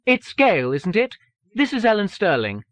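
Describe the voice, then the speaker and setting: A woman's voice: medium pitch, very animated, moderate pace, no echo, pitched above the performer's own voice, natural voice. A man voicing a guarded, wry woman illustrator in an audiobook. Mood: wary. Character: wary woman illustrator on a phone call.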